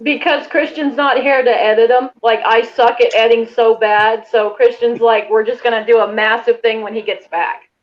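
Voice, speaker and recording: A woman with a high, bright-pitched voice chats frankly on a livestream, often breaking into laughter. Her audio comes through muffled and lo-fi over the video call. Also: fairly even intonation, normal speed. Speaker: horror reviewer, livestream panelist. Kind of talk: casual group chat.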